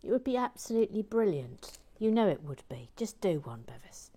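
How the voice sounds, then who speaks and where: A woman's voice: medium pitch, very animated, a little fast, warm tone, breathy edge. A woman hosting a stream, reading chat comments in a playful manner and often dropping into a whisper. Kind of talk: casual chat.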